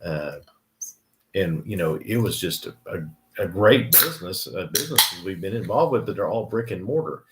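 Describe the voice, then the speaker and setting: An older man with a fairly low voice, co-hosting a casual live stream. He talks in a plain, rambling way, full of restarts and fillers. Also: lively intonation, normal speed, roomy sound, very noisy.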